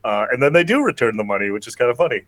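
A man's voice: medium pitch, sing-song, fairly bright tone, dry recording. A man hosting a podcast who recaps a film in casual, rambling chat full of "like". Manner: rambling, heavy on "like", quick bursts. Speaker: podcast host.

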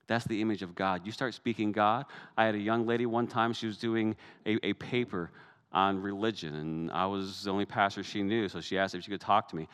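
A middle-aged man with a fairly low voice delivers a sermon as pastor. His preaching stays conversational and relaxed, then climbs to emphatic, raised peaks. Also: a little fast, clear, resonant tone.

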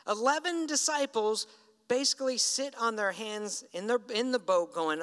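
A man's voice: extremely high pitch, normal speed, a bit bright, smooth. A man preaching a sermon in a conversational storytelling way, acting out the lines he quotes. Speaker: pastor. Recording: reverberant hall.

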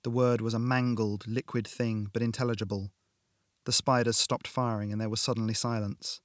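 A man reading an action science fiction audiobook in a steady, dramatic narration style. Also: on the low side, normal speed, no echo, clean studio sound. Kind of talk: scripted narration. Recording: music bed under narration.

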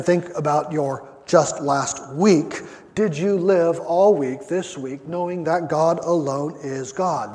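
A man's voice: on the high side, darkish tone. A man preaching a sermon, emphatic, drawing out his phrases and often repeating words as he builds a point. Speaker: pastor. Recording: long hall reverb.

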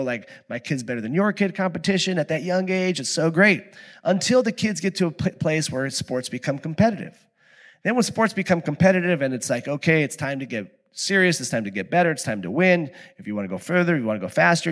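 Animated male pastor, conversational sermon. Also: medium pitch. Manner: conversational, swings from quiet reflection to loud animated storytelling.

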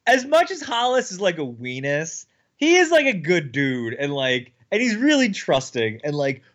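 High, lively rambling male co-host. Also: moderate pace, lo-fi sound. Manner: rambling, many "like" fillers, animated. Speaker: podcast co-host. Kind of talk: casual chat.

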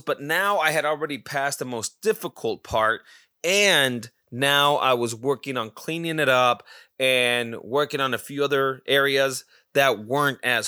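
A man hosting his own podcast, telling a long rambling story in a casual, profane, excitable way. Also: mid-range voice, no echo, studio quality. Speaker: podcast host. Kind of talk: casual solo monologue.

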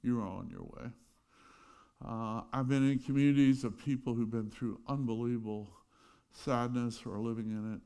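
A middle-aged man preaching a sermon, telling stories with loud bursts and quiet asides. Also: medium pitch, moderate pace, clear, resonant tone. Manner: animated storytelling, swings between loud bursts and quiet asides. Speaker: pastor.

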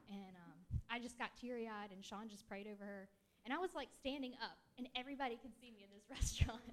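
Shy woman rambling through a testimony. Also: mid-range voice. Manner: rambling, many fillers and restarts; self-described shy and introverted. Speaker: church member sharing a testimony. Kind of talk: casual spoken testimony. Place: church gathering.

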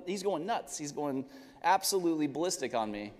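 Male pastor, animated, laughing storyteller, slightly high voice, reverberant church hall. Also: moderate pace. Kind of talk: sermon with personal storytelling. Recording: long reverb of a large hall.

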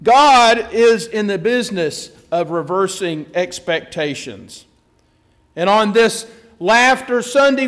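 High-voiced man preaching a sermon. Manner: conversational storytelling with self-deprecating asides. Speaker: pastor.

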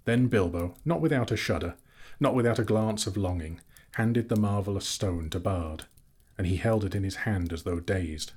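A man's voice: low voice, moderate pace, a little mellow, husky. A man reading a classic novel aloud as narrator, telling the story steadily. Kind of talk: audiobook reading.

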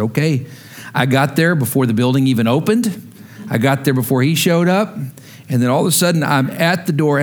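A pastor with a medium-pitched voice preaches a sermon, telling a story and acting out its dialogue, and he rises to shouts when he gets heated.

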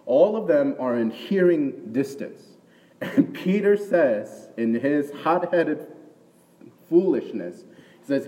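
A man preaching a sermon in a conversational way, often checking in with the audience with a quick "right?". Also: medium pitch, sing-song, dark tone. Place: church hall with an audience. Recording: distant mic in a reverberant hall.

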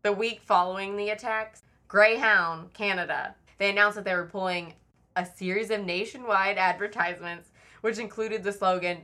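A woman with a bright, forward voice hosts a casual true-crime chat. She reads dates and news reports from her notes and breaks off into chatty asides. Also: medium pitch, steady tone, normal speed. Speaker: podcast host.

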